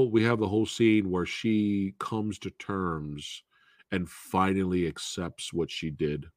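A man's voice: fairly low pitch, no echo, studio quality. A man hosting a casual movie review show, rambling through plot spoilers, laughing often and swearing freely.

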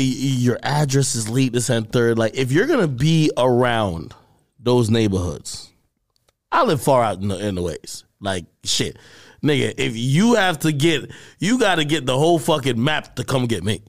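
A man hosting a podcast, asking questions in an incredulous, animated way. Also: mid-range voice, normal speed. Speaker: podcast host. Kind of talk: podcast interview.

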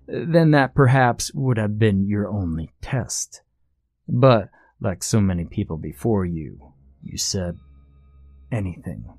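A man plays a courtly, pompous servant of a dark king in a scary storybook reading, every word measured and formal. The voice is low and mellow, close and dry. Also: husky, no room sound, heavily acted. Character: smooth, formal male servant of a sinister king.

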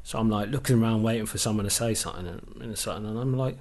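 A middle-aged man, a former footballer, telling animated stories as a podcast guest and swearing freely. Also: lowish voice, rapid-fire. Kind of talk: casual storytelling interview.

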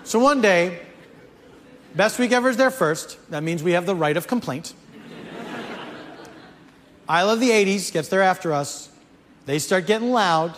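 A man, a comedian, telling a comic story in an animated way. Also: high-pitched, in a large hall, slight background noise. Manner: animated, building to mock-outraged shouts.

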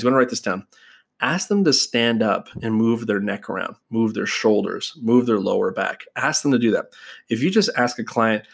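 A man's voice: fairly low pitch, lively intonation, moderate pace, vocal fry, slightly rough. A man teaching other practitioners in a casual, conversational way, talking straight to his listeners. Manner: conversational, addresses listeners as "guys", acts out client exchanges. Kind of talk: casual instructional talk.

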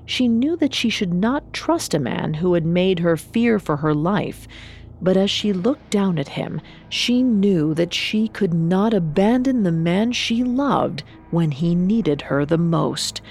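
A woman reading a storybook aloud as narrator in a measured, dramatic way. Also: on the low side, lively intonation, a little mellow, faint music behind.

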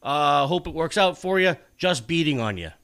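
A man's voice: on the high side, expressive, moderate pace, a bit bright, smooth. A man ranting in casual chat, swearing a lot and sarcastic.

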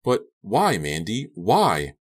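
A man reading the part of a frightened teenage boy who is tied up, pleading and shouting in panic. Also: low voice, big pitch swings, moderate pace, slightly rough, heavily acted. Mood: panicked.

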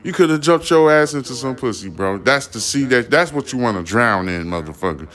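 A man's voice: mid-range voice, lively intonation, a little fast, a bit bright. A man from the Caribbean with family from Haiti, giving a blunt, profane podcast commentary as host.

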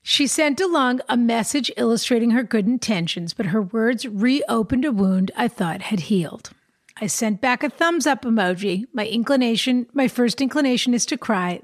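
A woman co-hosting an advice podcast reads a listener's letter aloud and jokes with her partner between lines. Her voice sits a little high and she laughs easily. The sound is dry and close. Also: lively intonation, normal speed, no room sound. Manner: playful, chatty, laughs easily. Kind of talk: casual chat and letter reading.

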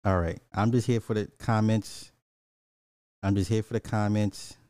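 A man's voice: fairly low pitch, steady tone, normal speed, dark tone, clean tone, no echo, clean studio sound. A man, reacting to music clips in casual commentary, blunt and petty, drawing out repeated words. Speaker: reaction streamer.

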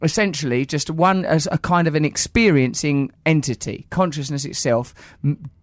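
A man's voice: fairly high pitch, moderate pace, no echo, clean studio sound. A man hosting a podcast, talking in a playful, riffing, teasing way. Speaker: podcast host. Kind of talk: casual chat.

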